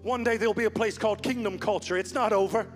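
A man preaching a sermon as pastor, swinging from hushed, slow lines to loud, fast build-ups. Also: high voice, fairly even intonation. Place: church sanctuary. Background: soft music.

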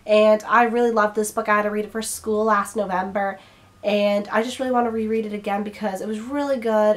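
A woman's voice: mid-range voice, steady tone, fairly quick. Young woman with a strained throat. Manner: chatty, rambling, some stumbling over words. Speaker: book vlogger. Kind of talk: casual chat to camera.

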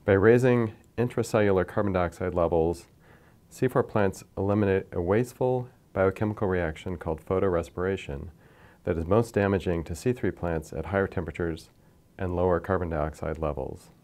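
A man lecturing from slides in a measured, explanatory way, pointing to figures as he goes. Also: low voice, darkish tone. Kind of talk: scripted science lecture over slides.

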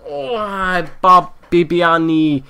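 A man giving live gameplay commentary, excitable, swearing often and yelling at the game. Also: high voice, drawn-out words, clean tone. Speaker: gaming YouTuber.

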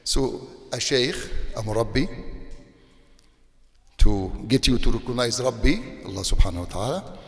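A sheikh preaches in a hall with long reverb, his mid-range male voice moving at a moderate pace with long pauses. His English is non-native, frequently mixed with Arabic religious phrases, and he gets animated when scolding.

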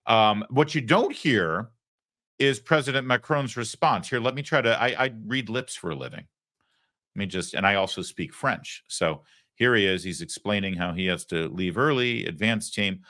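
Male host for political commentary, sarcastic and indignant, with an animated, rising-and-falling delivery. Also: on the low side, normal speed.

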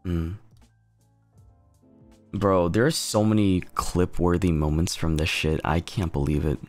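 A man's voice: low voice, fairly even intonation, slow, a little mellow, no room sound, faint music behind. A man streaming a game, chatting casually, laid-back, swearing often and gushing. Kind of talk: casual gaming stream chat.

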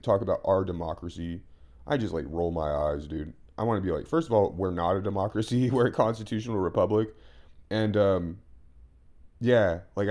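A man's voice: sits low, darkish tone. A man casually reacting to a podcast clip, rambling and swearing with exasperation.

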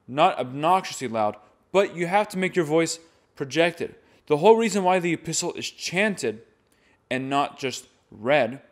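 A man teaching how to chant a church reading, explaining plainly step by step. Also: a little high. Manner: plain, explanatory, with sung demonstrations. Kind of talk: instructional talk to camera.

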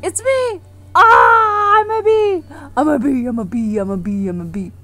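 A woman voicing a hyper, cheeky bee, shrill, loud and teasing. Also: unhurried, soft background music. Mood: giddy.

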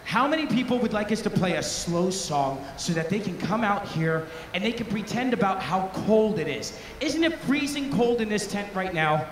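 A man's voice: sits high, animated, normal speed, hardly any pauses, slight background noise. A man leading a band on stage, joking with and rousing the crowd between songs in a festival tent. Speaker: bandleader. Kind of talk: onstage crowd banter. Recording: echoey tent with live band music.

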